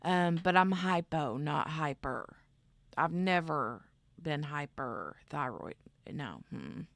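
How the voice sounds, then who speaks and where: A woman hosts a relaxed craft livestream, rambling through her news and answering chat as it comes in. Her voice runs low and unhurried with a gravelly texture. The sound is close and dry, with no room around it. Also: no echo. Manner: rambling, chatty, reads chat aloud. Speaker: craft channel host.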